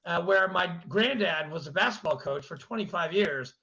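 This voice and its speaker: A man with a high, gravelly voice talks bluntly as a podcast guest and swears freely. His voice has plenty of fry. The sound is dull and lo-fi. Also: expressive, normal speed, pushed and bright. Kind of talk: casual chat.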